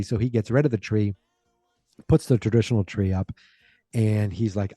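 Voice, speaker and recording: Man, podcast host, casual rambling recap, very dark warm tone, dry close sound. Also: fairly low pitch, fairly even intonation, moderate pace, pauses often, no room sound. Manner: rambling, quotes characters in raised voices. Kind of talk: casual recap of a sitcom episode.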